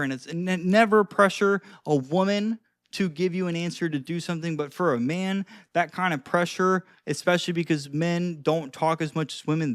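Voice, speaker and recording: A young man with a slightly high voice talks casually to his camera at home, recorded close and dry. He coaches on conversation, throwing in plenty of "like" and "dude" and acting out both sides of a chat. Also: no echo. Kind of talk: casual advice monologue to camera.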